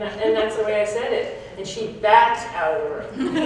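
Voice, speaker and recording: A woman's voice: on the high side, normal speed, very noisy. A woman giving a frank, reflective talk to a conference audience, with small restarts as she goes. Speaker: conference speaker. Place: large conference hall. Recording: echoey hall, picked up from a distance.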